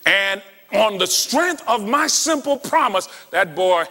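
Lively storytelling preacher in a hall. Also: male voice, high-pitched, slow pace. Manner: dramatic storytelling, acting out dialogue. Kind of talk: sermon. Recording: long hall reverb.

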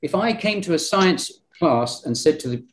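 Insistent British man, slightly high voice. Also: lively intonation, moderate pace, slight background noise. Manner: insistent, argumentative, many restarts. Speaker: Bible study presenter. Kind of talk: lecture-style group discussion.

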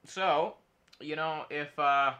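Slow, very bright-voiced male streamer. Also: a little high, fairly even intonation. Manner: joking, rambling, mock-patriotic bits. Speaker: game streamer. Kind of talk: casual gameplay commentary.

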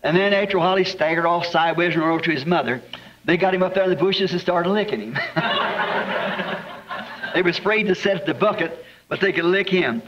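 A man with a Southern accent preaching, telling homespun stories in a chuckling, drawn-out way to a congregation. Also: high-pitched. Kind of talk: folksy storytelling sermon. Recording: dull lo-fi archival sermon tape, long hall reverb, faint hiss.

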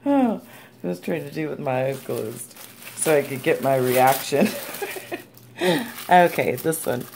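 Woman vlogger, low and gravelly, tired but gushing, casual chat. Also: animated, moderate pace, darkish tone, slight background noise. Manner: gushing and chatty, squeals and laughs often. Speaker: crafting vlogger. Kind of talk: casual unboxing vlog.

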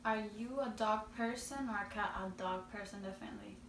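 An eighteen-year-old woman with a Spanish accent, chatting slowly and giggling through a casual Q&A. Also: mid-range voice, fairly bright tone. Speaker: vlogger answering questions. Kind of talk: casual Q&A chat. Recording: roomy echo, distant mic, faint noise.

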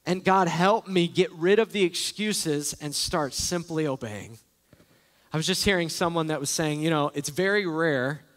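A man's voice: a little high, moderate pace, a bit bright. A man preaching a sermon as a pastor, earnest and emphatic, repeating key phrases. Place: large church sanctuary. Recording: echoey church hall.

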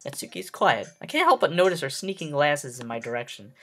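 A man reading a game's text aloud as its player, breaking off with expressive emotional reactions. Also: on the high side, fairly quick. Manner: expressive, reacting with emotional outbursts between read lines. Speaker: let's play host. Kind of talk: reading and reacting during a game playthrough.

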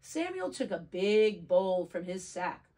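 A preschool teacher reading a picture book aloud to children, gentle and expressive. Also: female voice, mid-range voice, takes it slowly.

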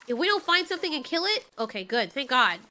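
A woman commentating live as she plays a video game, reacting loudly and swearing at the game in exasperation. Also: sits high, very animated, quick pace. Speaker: gaming channel host.

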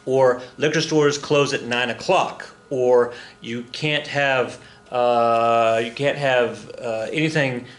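A man's voice: medium pitch, fairly even intonation, slow pace. A middle-aged man from Oklahoma, a history teacher giving a casual recorded lecture, chatty, with joking asides and many fillers and restarts.

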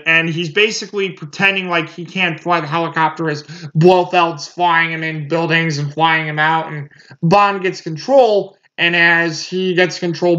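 A man's voice: a little high, sharp tone. A man giving a casual movie review, rambling with lots of fillers and restarts. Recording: muffled lo-fi recording.

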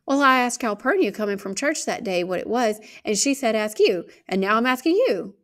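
A woman voicing a feisty young tomboy girl in a storybook reading, indignant and quick to shout. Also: on the high side, expressive, pitched above the performer's own voice, natural voice. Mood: earnest.

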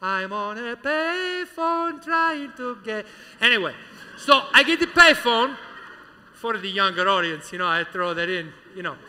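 A man's voice: extremely high pitch, animated, a little slow, bright, forceful tone, in a large hall, full character voice. A man playing a showy, sentimental Italian gondolier with a put-on Italian accent and broken English, chatting to a live audience on a school auditorium stage. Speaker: stage entertainer. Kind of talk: live comic stage patter.

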